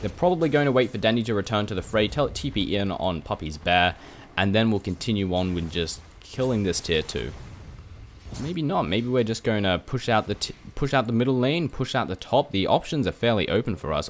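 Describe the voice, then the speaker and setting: A man casting a video game match play by play, rapid and chatty with casual swearing. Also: on the low side, lively intonation, slight background noise. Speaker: esports caster. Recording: music playing behind.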